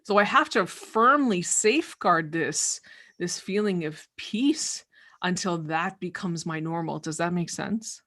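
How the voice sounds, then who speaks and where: A woman's voice: fairly low pitch, lively intonation, unhurried, bright, forceful tone. A woman hosting a casual video-call conversation, speaking thoughtfully and often repeating words as she works out what she means.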